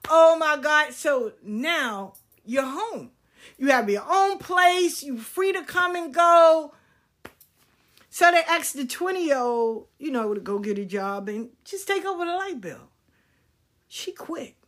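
A woman's voice: sits high, animated, takes it slowly, a bit bright. A woman in her fifties telling stories in a casual, blunt, profane way, acting out the people she quotes. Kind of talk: casual storytelling rant.

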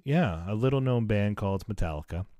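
A man's voice: lowish voice, animated, a little fast, mellow, no echo, lo-fi sound. A man hosting a podcast, bantering and laughing often in casual chat. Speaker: podcast host.

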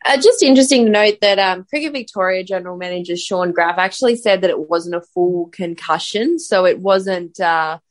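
A woman's voice: fairly low pitch, normal speed, few pauses. A woman on a cricket podcast panel, bubbly and laughing often, talking in long runs. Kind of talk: casual podcast chat.

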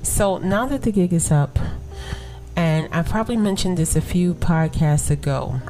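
A woman's voice: lowish voice, moderate pace, dark tone, faint music behind. A woman in her forties with a Brooklyn accent, hosting a podcast and chatting casually to women listeners, often laughing and checking in with "right?". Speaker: podcast host.

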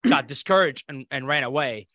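A mid-range voice at a moderate pace belongs to an Iraqi man guesting on a podcast, who tells a story casually and animatedly while performing the voices of others. Studio quality, no echo.

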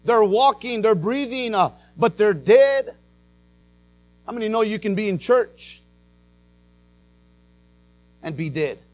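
High-voiced pastor preaching a testimony. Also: male voice, expressive, takes it slowly, pauses often, no room sound. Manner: dramatic testimony with swings from loud to hushed; frequent "uh" and "amen" fillers. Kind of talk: sermon.

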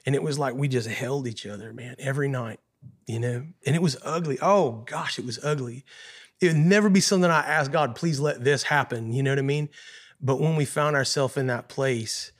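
A man's voice: medium pitch, fairly quick. A man, a guest musician, telling a painful personal story in an earnest, emotional way, often repeating himself and saying "man.".

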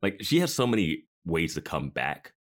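A man's voice: low-pitched, very animated, moderate pace, fairly bright tone. A man co-hosting a podcast in casual chat, rambling and restarting his thoughts as he talks. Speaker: podcast co-host.

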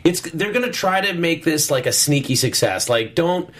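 A man's voice: a little high, animated, a crowd in the background. Rambling man hosting a panel chat. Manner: rambling, quick asides. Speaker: show host.

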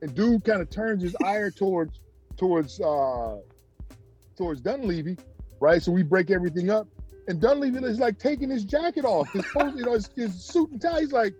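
Telling stories briskly in a casual interview, this former pro basketball player gets animated and raises his pitch to impersonate others. Faint music plays behind him.

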